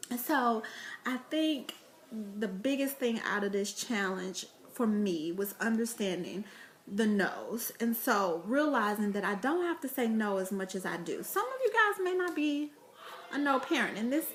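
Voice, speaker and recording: A woman's voice: a little high, animated, measured pace. A woman vlogging about parenting, telling chatty stories to camera with laughter and fillers. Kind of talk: casual vlog talk to camera.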